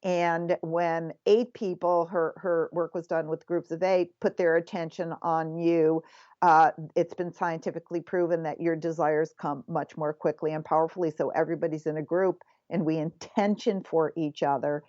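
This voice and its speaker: A self-help author appears as a guest in a casual interview, enthusiastically telling success stories. Her low-pitched voice is level, slightly mellow, and at a normal speed. There's no room sound, and the lo-fi audio is slightly dull.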